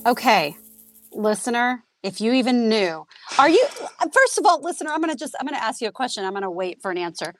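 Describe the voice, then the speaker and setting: A woman's voice: a little high, very animated, a little fast, music in the background. A woman co-hosting a podcast in casual chat, chatty, rambling and self-mocking. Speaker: podcast co-host.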